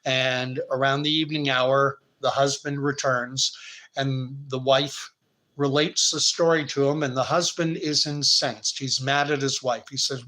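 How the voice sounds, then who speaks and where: A Canadian man in his fifties, hosting and retelling a parable in a relaxed, conversational way. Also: mid-range voice, a little slow, poor audio. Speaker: host. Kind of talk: storytelling commentary.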